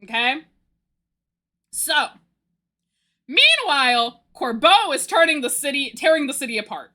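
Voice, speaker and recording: A young woman streamer recapping a story in casual chat, gushing and laughing as she goes. Her voice sits high and bright, with big lively swings in pitch. She takes an unhurried pace. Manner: excitable, gushing, laughs and squeals often.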